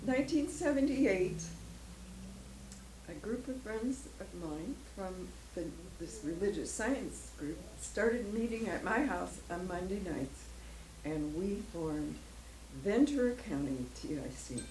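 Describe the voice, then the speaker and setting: An older woman speaks slowly as a church guest speaker, telling her personal story with emotion. She rambles a little and laughs often, her voice sitting at a middle pitch. The room rings with echo and a faint hiss sits under her voice. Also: lively intonation. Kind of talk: personal testimony talk. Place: church hall. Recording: echoey room, faint noise.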